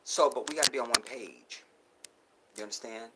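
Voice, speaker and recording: A man hosting a live stream, preaching to his viewers and calling them y'all, swinging from loud outbursts to near whispers. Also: mid-range voice, moderate pace, heavy background noise. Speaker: livestream host.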